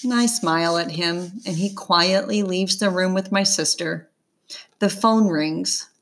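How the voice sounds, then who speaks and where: A woman narrating a children's novel in the first person, calm and measured. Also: on the low side. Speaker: audiobook narrator.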